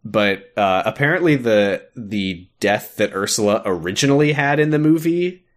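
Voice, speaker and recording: A man co-hosting a podcast, casually recapping a video game with lots of fillers and quick laughs. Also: fairly low pitch, expressive. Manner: rambling, with many fillers, laughs and acted-out quotes. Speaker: podcast co-host.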